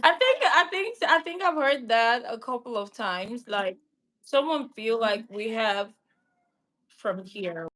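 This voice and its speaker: Woman, gentle and affectionate, slow unhurried talk, highish voice. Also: expressive. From Lagos, Nigeria. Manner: gentle, affectionate, laughs often. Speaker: guest, host's best friend. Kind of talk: casual chat with a friend.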